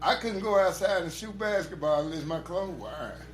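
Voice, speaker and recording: A man's voice: high voice, a little fast, soft background music. Laid-back man telling stories, echoey room. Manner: laid-back storytelling, laughs often. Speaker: podcast co-host. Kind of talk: casual chat.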